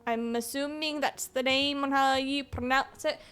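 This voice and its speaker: Playful high-voiced woman streamer. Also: fairly even intonation, moderate pace, a bit bright. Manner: playful, rambling, chuckling to herself. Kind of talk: casual chat while gaming. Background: faint game music.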